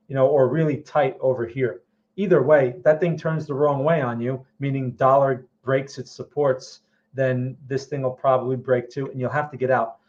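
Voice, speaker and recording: Medium in pitch and darkish in tone, the host's voice comes through dull audio. He's running an informal market livestream, eyes on the charts, responding to viewers and repeatedly checking in with "all right" and "okay."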